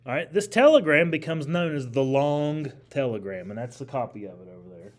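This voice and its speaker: A man's voice: medium pitch, animated, fairly quick. A man teaching a history class, lecturing animatedly, asking the class questions and repeating key phrases.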